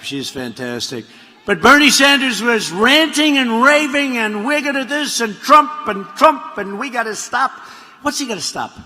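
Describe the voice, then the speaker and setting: A man giving a campaign rally speech, rambling and mocking, repeating himself and breaking into shouts. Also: sits high. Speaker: politician addressing a rally. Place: large rally venue. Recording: long arena reverb, faint crowd ambience.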